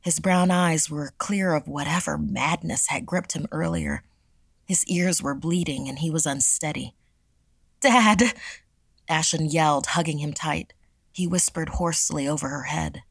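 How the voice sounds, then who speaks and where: A woman narrating a scripted horror story in a measured, dramatic way. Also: low voice, vocal fry, no room sound.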